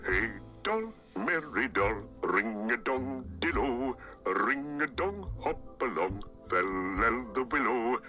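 A man's voice: medium pitch, lively intonation, slow pace, bright, forceful tone, faint music behind. A man voicing a jolly old forest man who sings carefree nonsense rhymes in an audiobook. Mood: merry. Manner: carefree sing-song chanting.

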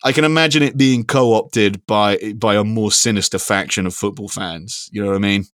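Man, podcast co-host, rambling casual chat, fairly low pitch, dry mic. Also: normal speed, a bit bright, no echo.

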